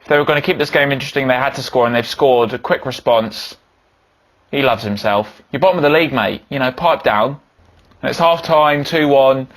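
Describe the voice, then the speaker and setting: A young man giving excitable commentary over a football video game, yelling when goals go in. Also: medium pitch, fairly quick. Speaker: gaming YouTuber.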